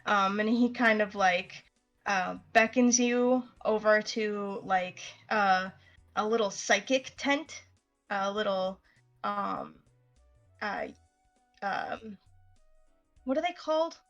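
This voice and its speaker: A woman running a tabletop one-shot as game master, narrating in a relaxed way full of fillers. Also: medium pitch, slow, long pauses, lo-fi sound, faint music behind.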